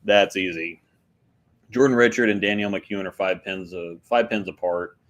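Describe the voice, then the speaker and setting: A man's voice: low voice, normal speed, muffled recording. A man co-hosting a casual bowling podcast, rambling and self-deprecating, with frequent restarts. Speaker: podcast co-host. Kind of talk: casual chat.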